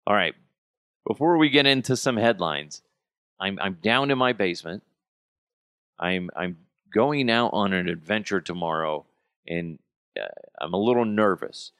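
Male podcast host, 30s, low voice with big pitch swings, joking and profane. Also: animated, a little slow, long pauses, a bit bright, clear, resonant tone, no room sound, clean studio sound. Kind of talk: casual solo podcast monologue. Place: home basement.

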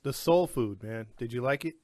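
Chatty interview host, dry close sound, on a video call. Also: male voice, medium pitch, moderate pace, darkish tone, no echo. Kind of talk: casual interview.

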